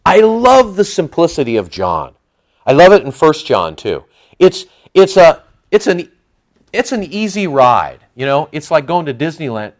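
A man teaching from the Bible in a sermon, animated and joking, acting out the people he quotes. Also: on the high side, a little slow. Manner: animated, jokey, acts out quoted voices. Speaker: preacher.

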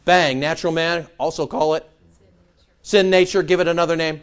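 A man preaching a sermon as pastor, animated and sarcastic, firing rhetorical questions at the congregation. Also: a little high, moderate pace, smooth, dull audio.

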